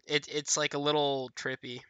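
A man chatting casually with friends, reacting and joking in a relaxed way. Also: on the high side, moderate pace, smooth, no room sound. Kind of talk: casual chat.

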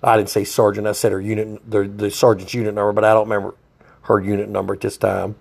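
A man's voice: on the low side, flat delivery, fast talker, gravelly, a little mellow, breathy edge. A man, a state trooper telling a story in a blunt, profane, folksy way. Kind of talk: casual storytelling.

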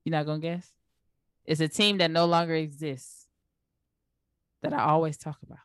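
A young woman co-hosting a casual sports chat show, laughing often and walking through stats in relaxed slangy talk. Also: low voice, normal speed, clear, resonant tone, no echo. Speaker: co-host.

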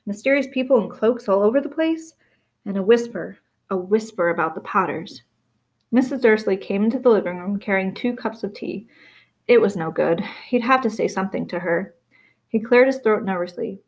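A woman reading a novel aloud in steady storytelling, with small slips and restarts. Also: medium pitch, normal speed. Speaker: reader.

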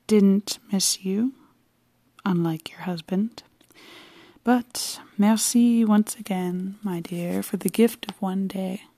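A dry, bantering official husband who counts out every word, as a woman reads him. The voice is dark and gravelly with a flat, even delivery. The sound is close and dry. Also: mid-range voice, slow, no room sound. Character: cold, formal middle-aged husband, a government official.

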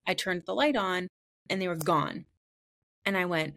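A woman's voice: medium pitch, brisk, fairly bright tone. A woman in her thirties with a mid-range voice, telling a story in casual podcast chat. She talks bluntly and swears freely, with plenty of animation. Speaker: podcast host and spiritual practitioner.

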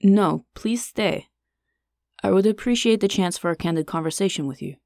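Smooth-voiced elf king, read by a woman. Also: medium pitch, normal speed, darkish tone, dry recording, studio quality, close to an everyday voice. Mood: composed. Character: suave elvish king, calm and smooth-spoken. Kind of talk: audiobook character reading.

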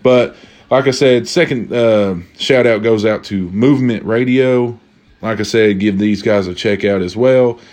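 A man's voice: on the low side, a little slow, a little mellow. A young man hosting a casual solo podcast, rambling in loose slang with a drink at hand. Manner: drinking while talking. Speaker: podcast host.

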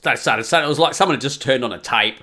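A man's voice: mid-range voice, fast. A middle-aged man ranting profanely through a comic podcast monologue. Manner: sweary, ranting, animated. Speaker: podcast host.

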